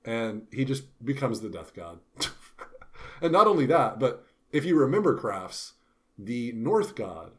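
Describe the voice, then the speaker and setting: A man co-hosting a casual book discussion, animated, dropping into playful voices when he retells scenes. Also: mid-range voice, measured pace. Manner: animated, puts on character voices when quoting. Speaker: podcast co-host.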